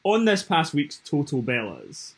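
Husky-voiced chatty man podcasting. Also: a little high, wildly swooping pitch. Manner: chatty, halting, restarts mid-thought. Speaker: podcast co-host. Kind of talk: casual podcast chat.

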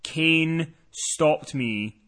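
A man's voice: a little high, drawn-out words, fairly bright tone. Chatty man hosting a podcast recap. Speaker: podcast host. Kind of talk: casual chat.

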